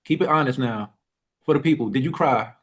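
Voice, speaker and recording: A man's voice: mid-range voice, fairly bright tone. Podcast host guy, mid voice, keeps hyping up his guest. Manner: encouraging, quick reactions. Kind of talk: casual interview chat.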